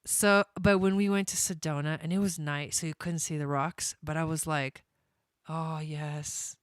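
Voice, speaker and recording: A young woman talks casually on a live stream in a smooth, somewhat low voice. She's bubbly and chatty, laughing often and wandering off on tangents. The sound is dry and close, with no room around it. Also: steady tone, normal speed, no echo. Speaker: astrologer doing live readings.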